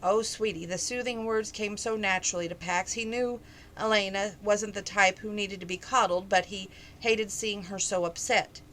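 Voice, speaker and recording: A woman reads a novel aloud in a plain, homespun way, stumbling now and then. Her voice is bright and clear, at a middle pitch. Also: steady tone, moderate pace, a little hiss or hum, low-quality recording. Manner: plain reading with page callouts and small stumbles. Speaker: reader.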